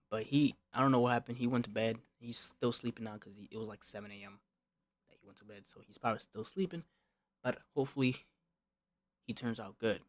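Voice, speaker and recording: A young man streaming, telling a casual storytime rant full of slang and swearing, repeating himself and calling the listener bro, often rising to heated outbursts. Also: medium pitch.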